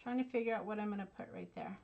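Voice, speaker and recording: A woman's voice: mid-range voice, racing, highs cut off. A woman, chatting casually and teasing herself while crafting at her home desk. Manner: chatty, self-mocking, talks to viewers as y'all. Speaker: craft channel host.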